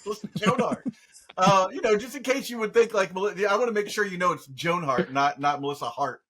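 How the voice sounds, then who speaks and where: Bright high-voiced man joking on a podcast. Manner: animated, joking, quick restarts. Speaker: podcast co-host. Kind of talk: casual chat.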